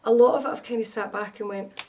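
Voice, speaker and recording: A woman's voice: mid-range voice, fairly even intonation, fast, darkish tone. A woman, telling stories as an interview guest, with many fillers and restarts. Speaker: wellness consultant guest. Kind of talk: casual interview chat. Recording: voice a bit far from mic.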